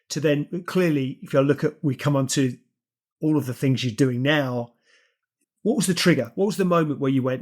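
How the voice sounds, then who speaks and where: A man's voice: medium pitch, normal speed, a little mellow. A man hosting an interview, asking long, searching questions full of restarts and asides. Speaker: podcast host. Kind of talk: interviewing a guest.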